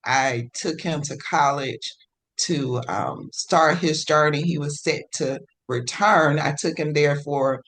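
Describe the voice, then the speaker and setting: A woman telling her own story as a podcast guest, swinging between hushed and excited and acting out her own past words. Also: low voice, takes it slowly. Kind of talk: personal storytelling in a podcast interview.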